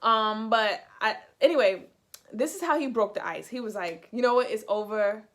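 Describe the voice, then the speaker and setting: A woman's voice: a little high, moderate pace. Chatty young woman telling a story. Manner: chatty, animated, heavy use of "like". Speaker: vlogger. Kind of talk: casual storytime.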